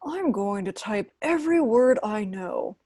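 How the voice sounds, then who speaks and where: A woman reading the part of a gruff, deadpan male boss, speaking in a clipped way. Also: mid-range voice, unhurried, no room sound, studio quality.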